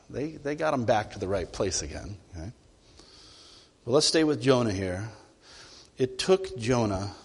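A man preaching a sermon as a pastor, animated, swinging between loud emphatic lines and quiet, low asides. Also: husky. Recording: long hall reverb.

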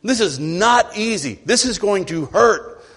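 Animated male preacher in a reverberant hall. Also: high-pitched, measured pace, husky. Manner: animated, swings between loud emphasis and quiet asides. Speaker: pastor. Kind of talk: sermon.

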